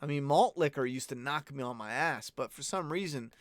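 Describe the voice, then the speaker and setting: A man's voice: medium pitch, a little fast, no room sound, clean studio sound. A man hosting a casual live-stream Q&A, talking bluntly and rambling, with plenty of swearing. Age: adult parent. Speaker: host answering viewer questions.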